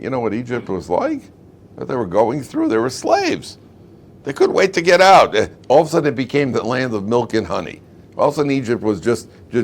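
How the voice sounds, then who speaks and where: A man, a rabbi, giving a lively lecture to students in a classroom, full of rhetorical questions and little stories. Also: fairly low pitch. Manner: animated, rhetorical questions, tells fables. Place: classroom with air conditioning.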